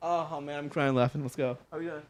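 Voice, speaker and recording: A young man livestreaming from home, chatting loosely with viewers, laughing often and swearing casually. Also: fairly high pitch. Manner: laid-back, swears often, laughs a lot. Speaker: livestreaming guitarist. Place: home room.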